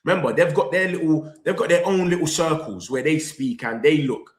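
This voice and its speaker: A young man, hosting a football fan reaction vlog. He talks in an animated, slangy way, straight to his viewers, and reads their comments aloud. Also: a little high, brisk. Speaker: football fan channel host. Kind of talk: excited live reaction vlog. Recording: echoey room.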